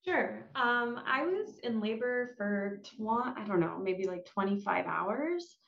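A woman's voice: fairly high pitch, lively intonation, slow, vocal fry, a bit bright. A woman chatting casually, telling her story with fillers. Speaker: guest mom. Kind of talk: casual chat. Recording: roomy, dull-sounding audio.

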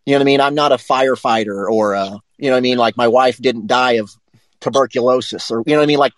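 A man co-hosting a live sports talk show, telling a rambling, profane story in a casual, animated way. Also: mid-range voice, fast, no room sound, low-quality recording.

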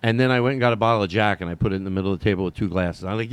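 A man's voice: lowish voice, rapid-fire, smooth, dry recording. A man rambling through a casual solo monologue to his viewers, digressive, with casual swearing and lots of fillers. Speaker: vlogger.

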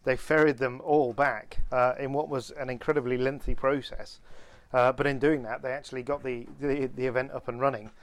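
A man co-hosting a podcast, telling stories in a lively way, restarting phrases and building to punchlines. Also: medium pitch, a little fast, few pauses. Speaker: podcast co-host. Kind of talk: anecdotal storytelling chat.

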